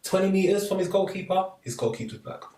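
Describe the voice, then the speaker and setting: A man telling a story in a casual podcast chat, animated and acting out the voices of the people he quotes. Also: high-pitched, fast. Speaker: podcast co-host. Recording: echoey room, slightly distant mic, faint noise.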